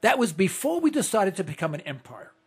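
A man's voice: high-pitched, big pitch swings, fairly quick, slightly rough. A man in his sixties hosting a talk radio show, speaking in a rambling, indignant, impassioned way. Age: 60s. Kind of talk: opinionated talk radio monologue.

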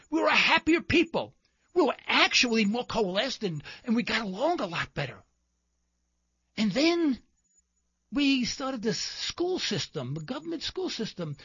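A man's voice: high-pitched, gravelly, pushed and bright, husky, dry recording, dull audio. A man hosting a talk show, delivering an impassioned political commentary monologue full of rhetorical questions and indignant emphasis.

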